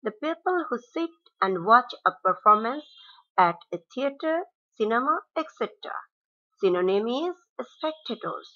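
A woman teacher, reading out English words and their meanings slide by slide in a measured classroom cadence. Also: on the high side, animated, pushed and bright. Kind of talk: slide-based vocabulary lesson. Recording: dull lo-fi recording.

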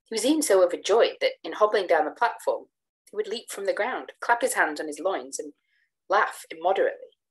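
A woman reading a gothic tale in measured, expressive first-person narration. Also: fairly low pitch, low-quality recording. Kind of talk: literary narration read aloud.

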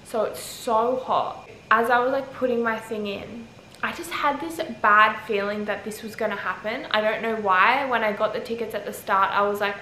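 A woman's voice: on the high side, normal speed. A young Australian woman telling a travel story to camera in a rambling, chatty way, filling her speech with "like". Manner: rambling, heavy use of "like", animated retelling. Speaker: travel vlogger. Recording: echoey with faint ambient noise.

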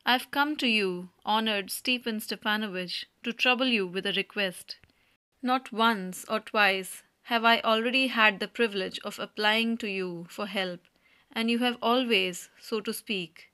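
A woman's voice: medium pitch, a little slow, pushed and bright, clean tone. A woman reading the part of a nervous male landowner who stumbles over his words while proposing. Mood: formal, flustered.

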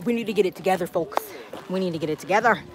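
A woman's voice: on the low side, racing. Chatty woman on a noisy outdoor stream. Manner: chatty, reading viewer comments aloud. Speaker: travel vlog host. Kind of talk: casual live-stream chat while walking. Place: outdoors on a walking tour. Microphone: handheld phone camera. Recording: noisy outdoor phone audio.

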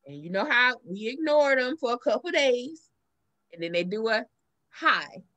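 A woman's voice: a little high, moderate pace. A woman with a Southern US accent co-hosting a podcast, telling stories in casual chat and acting out the lines she quotes. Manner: animated storytelling, acts out quoted lines. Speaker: podcast co-host.

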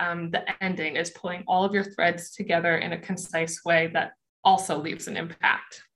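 A woman's voice: lowish voice, fairly bright tone. A young adult woman presenting a college essay workshop in a conversational, emphatic way, with many fillers and asides.

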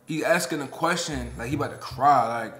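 Bright-voiced man hosting a reaction video. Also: medium pitch, brisk, reverberant. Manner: loose slangy talk, laughs along. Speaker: reaction channel host. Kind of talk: casual reaction commentary. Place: indoors, sit-down video.

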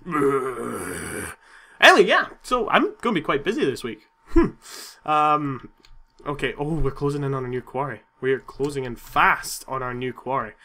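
Excitable gaming commentator man. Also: medium pitch, normal speed, gravelly. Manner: excitable, swears and yells at the game. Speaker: gaming YouTuber. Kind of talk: let's-play commentary.

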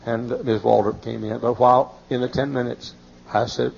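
Man in his fifties, pastor, sermon, gravelly voice, folksy storytelling, muffled tape. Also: brisk. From Texas. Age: 50s. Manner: folksy, animated, often cries out in high excited bursts. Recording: muffled old sermon tape with faint hiss.

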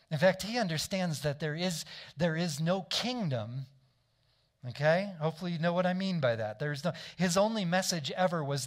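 A man preaching a sermon in a conversational way, often asking the congregation to agree and correcting himself as he goes. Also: fairly high pitch. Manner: frequent restarts and self-corrections. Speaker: pastor.

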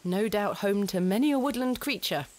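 A woman's voice: mid-range voice, normal speed, darkish tone, close to an everyday voice. An actress playing a prim, persistent young lady in a narrative game, with an inquisitive manner. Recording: background noise audible.

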